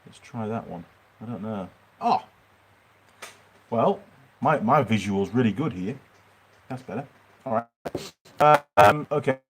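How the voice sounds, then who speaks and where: A man's voice: medium pitch, lively intonation, slow pace, pauses often, a little hiss or hum. Middle-aged Yorkshire man, mid-range voice, rambling livestream host answering viewers from his workshop. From Yorkshire, England. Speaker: mechanic channel host. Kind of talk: livestream Q&A chat.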